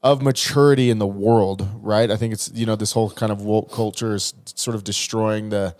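A man's voice: on the low side, fairly even intonation, moderate pace, a little mellow, no room sound. Rambling man hosting casual chat. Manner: rambling, hesitant, laughs along.

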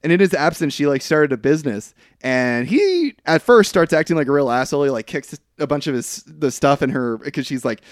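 A man's voice: on the high side, big pitch swings, fairly quick, few pauses, dry recording, clean studio sound. Man casually recapping a movie. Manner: rambling, laughs often, quotes characters. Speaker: podcast co-host.

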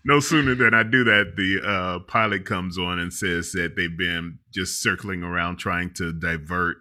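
Middle-aged male co-host, low pitch, bright tone, animated storyteller. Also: moderate pace. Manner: animated, laughs often while telling a story. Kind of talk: casual storytelling chat.

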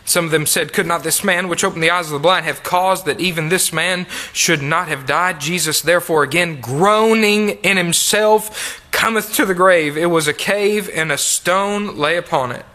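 A man preaching a sermon, reading King James scripture aloud and repeating key phrases for emphasis, sometimes dropping to a soft, low voice. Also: normal speed. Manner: reads King James verses then comments with emphatic repetition; drops to soft, low tones in tender appeals.

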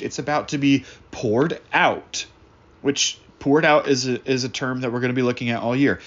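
A man preaching a sermon in an earnest, reflective way, slowing down to stress key words. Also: mid-range voice, fairly bright tone, highs cut off. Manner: earnest, reflective, slows down for emphasis. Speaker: pastor.

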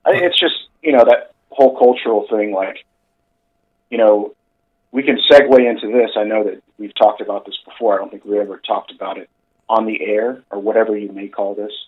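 A man's voice: on the low side, steady tone, a little fast. Chatty man on a muffled line. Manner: chatty, rambling, lots of fillers. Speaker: podcast co-host. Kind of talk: casual chat.

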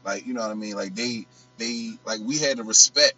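Relaxed bright-toned man explaining. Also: lowish voice, fairly quick, highs cut off, faint music behind. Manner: relaxed, explains points at length with fillers. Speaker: podcast co-host. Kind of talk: casual chat.

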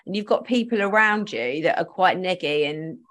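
A woman's voice: fairly low pitch, expressive, normal speed, fairly bright tone. Chatty woman hosting a podcast; casual, laughing, loose sentences. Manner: chatty, laughs often, trails off mid-sentence. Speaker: podcast host.

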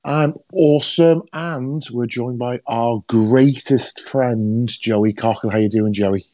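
A man's voice: mid-range voice, takes it slowly, dark tone, no room sound. A man hosting a casual podcast, teasing his co-hosts with jokey banter. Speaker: podcast host.

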